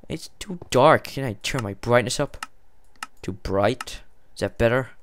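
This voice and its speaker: Excitable gamer, lively swoops. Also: male voice, mid-range voice, unhurried, slight background noise. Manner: excitable, jumpy, rambling, swears and yelps. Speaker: let's play gamer. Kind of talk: casual gameplay commentary.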